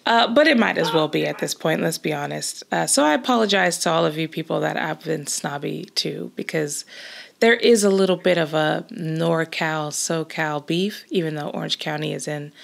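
Woman chatty Californian podcast host, gravelly. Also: sits low, moderate pace. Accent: Californian, slight Scottish blend. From California, Los Angeles. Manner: chatty, laughs often, many restarts. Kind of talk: casual chat.

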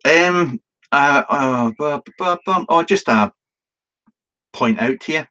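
A man's voice: on the high side, slow pace, sharp tone. A man hosting a live Q&A video stream, chatting casually and rambling, with plenty of ums, restarts and the odd swear word. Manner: chatty and self-deprecating, swearing now and then. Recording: dull, lo-fi stream audio.

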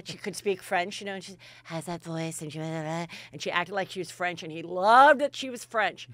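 A woman hosting a comedy podcast, chatting in a gossipy, animated way and telling stories with loud impressions. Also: fairly low pitch, brisk, few pauses, no room sound. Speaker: podcast host. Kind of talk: casual comedic chat.

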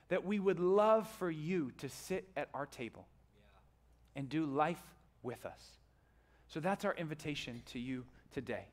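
Animated high-voiced male pastor preaching. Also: unhurried. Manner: animated storytelling, acts out characters with sudden loud high bursts. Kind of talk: sermon. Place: church stage.

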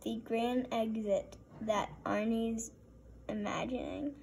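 A woman reading a children's story aloud in a gentle, expressive way. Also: on the high side, takes it slowly, a little hiss or hum. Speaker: storybook reader.

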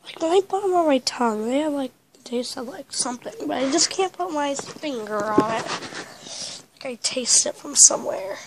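High-voiced stuffy-nosed woman vlogging. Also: lively intonation, normal speed, background noise. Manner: rambling, chatty, full of "like". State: stuffy nose from a cold. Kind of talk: casual vlog chat.

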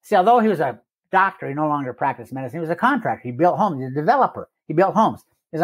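An older man with a husky voice tells a plainspoken personal recovery story, repeating phrases for effect. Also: on the high side, animated, fast talker. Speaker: recovery meeting speaker.

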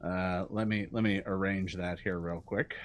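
A man running a tabletop game as game master, narrating scenes in a halting way with many ums and uhs. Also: deep voice, steady tone. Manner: halting, fills pauses with um and uh.

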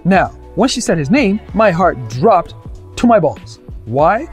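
Young Canadian man, comic monologue, lively sing-song delivery, faint music behind. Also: high voice, a little slow. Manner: animated, acts out the people in his stories. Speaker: storyteller.

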